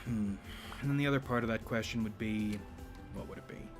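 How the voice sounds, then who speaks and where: A man hosting a YouTube channel in a rambling, casual monologue, speaking in a deliberately low register with a slight vibrato. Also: music in the background. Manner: rambling, with frequent restarts and profanity.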